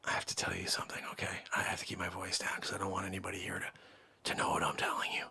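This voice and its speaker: A man improvising a sleazy, pushy crypto salesman on the phone, who whispers secrets and then shouts hype. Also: huge pitch swings, slow, full character voice. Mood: whispering, sly. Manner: hushed conspiratorial pitch then shouting hype. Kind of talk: improvised comedy sketch.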